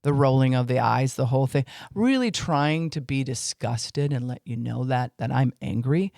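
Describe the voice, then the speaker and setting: A man's voice: medium pitch, vocal fry, warm tone, dry recording, clean studio sound. A man teaching on faith and emotions in an informal podcast talk, with fillers, acting out what people say.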